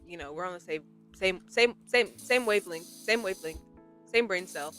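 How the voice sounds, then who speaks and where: A woman's voice: on the low side, normal speed, fairly bright tone, soft background music. A young woman chatting casually while playing a game, rambling and self-deprecating with many restarts. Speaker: gaming streamer.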